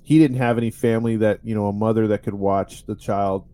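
A man's voice: on the low side, steady tone, a little fast, warm tone. A man hosting a podcast, telling a story in a rambling, wry way with many fillers. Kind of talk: casual storytelling chat.

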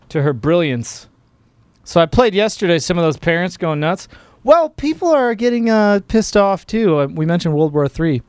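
A man's voice: a little high, no echo. A man hosting a political commentary show, talking casually in a mocking, exasperated, sarcastic way.

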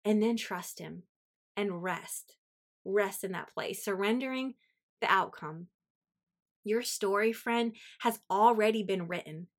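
A woman's voice: medium pitch, slow pace. A woman in her thirties hosting a faith podcast, talking in an earnest, chatty way with lots of "like.". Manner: earnest, chatty, uses 'like' a lot. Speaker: podcast host. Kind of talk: heartfelt faith podcast talk.

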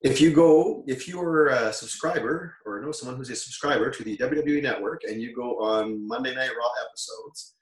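A Canadian man in his forties spins loose stories as an interview guest, backtracking and correcting himself in an easy, mid-pitched voice. He sits back from the mic in a room that echoes, so he sounds distant and hollow. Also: moderate pace. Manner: rambling, self-correcting, laughs while telling stories. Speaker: guest, former wrestler. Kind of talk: casual interview storytelling.

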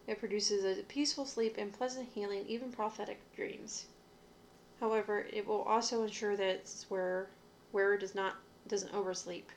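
Gravelly-voiced woman reading casually. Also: mid-range voice, slight background noise. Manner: reads lists aloud with small stumbles and asides. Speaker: witchcraft podcaster. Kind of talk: casual reading from reference books.

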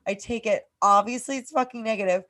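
A Massachusetts woman in her thirties, with a fairly quick, pushed, bright voice on the high side, co-hosts a podcast. She tells a long personal story in casual, rambling, profane speech packed with "like".

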